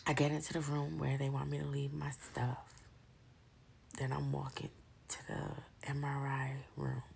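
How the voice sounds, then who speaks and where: A woman casually telling a personal story, animated and slangy, often dropping into breathy whispers. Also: low-pitched, a little hiss or hum.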